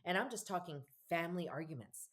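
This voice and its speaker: A woman in her fifties, a family therapist talking in an interview, animated and acting out quoted dialogue with laughs. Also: lowish voice, a little fast. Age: 50s. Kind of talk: conversational podcast interview.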